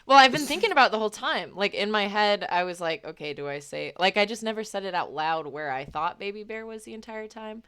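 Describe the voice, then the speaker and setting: A woman playing a tabletop game, making wry, deadpan remarks. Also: mid-range voice, quick pace, few pauses, smooth. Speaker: player. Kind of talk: casual game chat.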